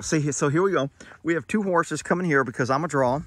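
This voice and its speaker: A man's voice: a little high, brisk. Chatty man explaining his horse paddock. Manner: chatty, explains step by step, scolds pets playfully. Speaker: horse owner vlogger. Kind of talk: casual outdoor vlog.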